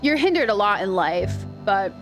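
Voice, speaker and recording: A woman's voice: medium pitch, expressive, moderate pace, faint music behind. A woman giving casual, rambling commentary while playing a video game and telling stories. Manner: chatty, rambling storyteller. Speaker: gaming video creator. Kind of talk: casual let's-play commentary.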